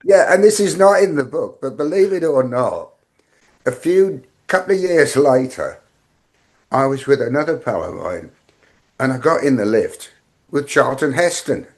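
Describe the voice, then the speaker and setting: A man's voice: medium pitch, very animated, moderate pace, darkish tone. An older man with an English accent, a guest in an interview, telling rambling anecdotes full of fillers and restarts. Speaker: guest, veteran tour manager.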